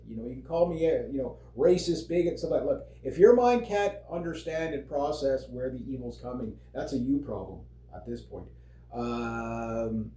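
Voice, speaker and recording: A man with a fairly high but mellow voice rants in a loose, rambling way. He swears freely, leans on fillers and breaks into laughs. His voice echoes around the room. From Canada. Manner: rambling, profane, heavy fillers, laughs often. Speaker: vlogger. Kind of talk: casual political rant. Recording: roomy echo.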